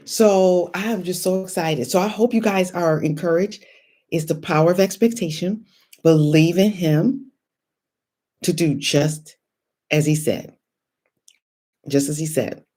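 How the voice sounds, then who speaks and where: Lowish-voiced woman hosting a faith talk. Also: a little slow, long pauses. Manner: animated, encouraging, storytelling. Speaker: host. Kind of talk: casual faith livestream talk.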